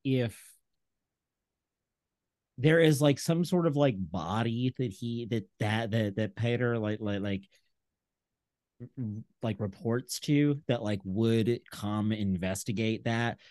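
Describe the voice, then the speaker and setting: A man co-hosting a casual podcast, speaking haltingly with many fillers as he works through his points. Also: medium pitch, a little mellow. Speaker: podcast co-host. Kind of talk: casual film discussion chat.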